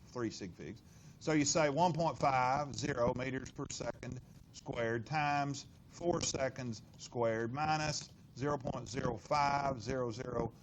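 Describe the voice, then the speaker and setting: A middle-aged man teaching physics in a classroom, working problems aloud with lively inflection and constant questions to the class. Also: mid-range voice, background noise. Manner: animated, lots of rhetorical questions and inflection.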